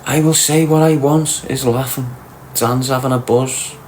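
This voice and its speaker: Scouse bloke on a livestream, slow cheeky banter, bit of hiss behind. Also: male voice, mid-range voice, fairly even intonation, darkish tone. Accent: Liverpool. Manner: teasing, crude, slangy. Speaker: livestream host. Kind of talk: casual banter reading chat comments.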